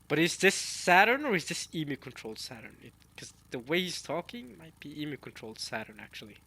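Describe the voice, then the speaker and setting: A man with a bright, forceful voice reacts casually to a manga chapter. He talks straight to his viewers and thinks out loud as he goes. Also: fairly high pitch, sing-song, a little fast, hardly any pauses, slightly rough. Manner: chatty, addresses viewers as y'all, muses aloud. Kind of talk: casual reading and reaction chat.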